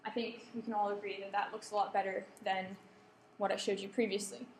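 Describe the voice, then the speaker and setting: A woman's voice: medium pitch, flat delivery, a little fast. A woman giving a lecture to students, often checking in with the room and polling the audience. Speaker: workshop presenter. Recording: echoey room, faint background hum.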